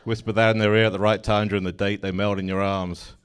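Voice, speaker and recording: A man's voice: lowish voice, flat delivery, fast, clean tone. A man in his forties with an English accent, doing stand-up with dry, mock-indignant punchlines. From England. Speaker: stand-up comedian. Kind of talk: stand-up comedy.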